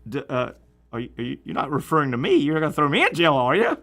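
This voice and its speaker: A man's voice: on the high side, huge pitch swings, quick pace, gravelly, fairly bright tone. A man with a Southern accent hosting a sports radio show, chatting casually and joking, with many restarts.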